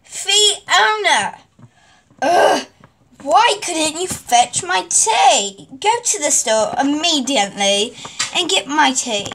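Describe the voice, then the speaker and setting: Girl doing a bossy queen voice, high and slow, snapping orders at the maid. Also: lively intonation, a bit bright, heavily acted. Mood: furious. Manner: imperious and slow, barking orders. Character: haughty demanding female queen in a pet show.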